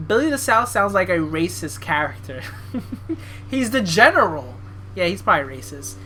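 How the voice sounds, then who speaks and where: A chatty streamer from Brooklyn with a bright, forward voice that cuts through clearly. She talks casually over gameplay and keeps poking fun at her own clumsy accent attempts. Her tone stays loose and conversational. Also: fairly low pitch, slight background noise. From Brooklyn, New York. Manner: chatty, reads game text aloud and jokes about own bad accents. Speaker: game streamer. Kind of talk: casual stream commentary while reading game dialogue.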